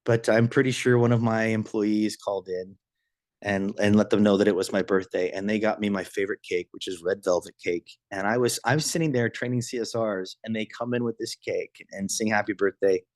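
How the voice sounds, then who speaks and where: In a motivational business training talk, a man with a lowish voice tells a story at a brisk pace. He's lively and enthusiastic, often restarting and repeating words, and there's no echo.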